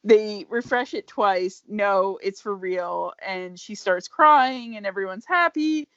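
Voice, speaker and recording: A woman co-hosting a podcast, casually retelling a show's episode with animated energy and frequent laughs. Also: medium pitch, slow, dry recording. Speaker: podcast co-host. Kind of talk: casual chat recapping a show. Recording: dry, dull lo-fi podcast audio.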